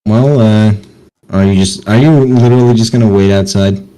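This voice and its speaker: A man's voice: fairly low pitch, moderate pace, dark tone, low-quality recording. A man running a tabletop game as game master, narrating casually with small hesitations.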